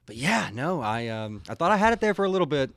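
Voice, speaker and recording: A man's voice: fairly high pitch, big pitch swings, quick pace, fairly bright tone, dry recording. A man co-hosting a casual podcast, joking and laughing easily. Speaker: podcast co-host. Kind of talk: casual chat.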